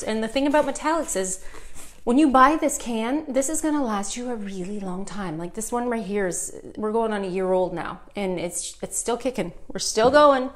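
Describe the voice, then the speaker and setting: Chatty Canadian woman teaching painting. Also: medium pitch. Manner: chatty, upbeat, addresses viewers directly. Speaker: furniture painting instructor. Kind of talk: live painting tutorial.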